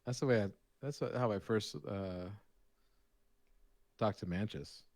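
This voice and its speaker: A man co-hosting a live painting stream, chatting casually and telling rambling, animated stories. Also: lowish voice, measured pace, no echo. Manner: rambling, animated storytelling with restarts. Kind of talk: casual chat.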